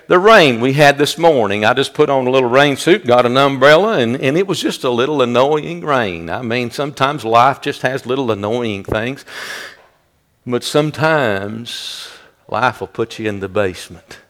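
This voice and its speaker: Guy preaching, folksy, gets loud and high when it builds. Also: lively intonation, normal speed. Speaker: pastor. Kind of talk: sermon.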